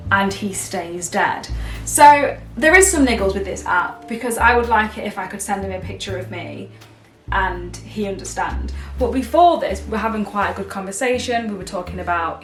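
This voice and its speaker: A woman's voice: mid-range voice, fairly bright tone, echoey room, distant mic. A young woman vlogging casually, chatty and dramatic, swinging between outrage and giggles. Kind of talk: casual vlog chat.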